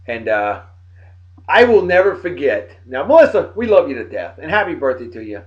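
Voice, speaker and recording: A man, rambling and folksy as he gives birthday shout-outs to old friends. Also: a little high. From Martha's Vineyard, Massachusetts. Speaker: vlogger, beer and song of the day host. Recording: dull lo-fi home recording.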